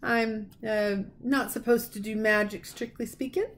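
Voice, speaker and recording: A woman voicing a huge, gruff but kindly male half-giant gamekeeper with rough folksy speech, read aloud from a storybook. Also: sits high, steady tone, a little slow, a bit bright, slight background noise. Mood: rueful.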